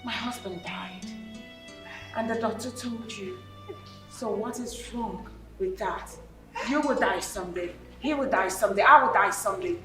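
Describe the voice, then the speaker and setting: A woman's voice: mid-range voice, normal speed, reverberant, music in the background, close to an everyday voice. A woman with a Nigerian accent playing a cold, defiant widowed mother with a dismissive manner in a film drama. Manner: dismissive, cutting.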